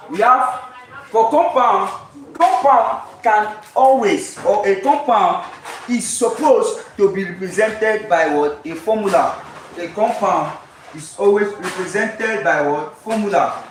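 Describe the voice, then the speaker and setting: A male chemistry tutor leading a live lesson at a whiteboard in call-and-response style. He keeps asking "what?" and answering himself, and slowly repeats the key terms for emphasis. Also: high voice. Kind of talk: live-streamed exam lesson. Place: classroom with whiteboard. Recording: echoey classroom from far off with background noise.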